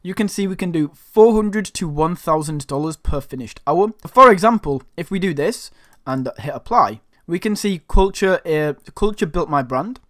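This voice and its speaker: A man's voice: a little high, lively intonation, normal speed, a bit bright, no echo, studio quality. A man from Northern England with a Northern English accent, walking viewers through a screen-share tutorial in an upbeat, chatty way. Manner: upbeat, chatty, keeps addressing viewers as guys. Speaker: online side-hustle tutorial host.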